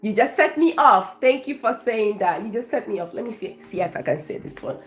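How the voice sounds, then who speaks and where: A woman's voice: on the high side, animated, moderate pace, soft background music. A woman from Africa, a life coach, chatting effusively on a live stream and thanking her viewers by name.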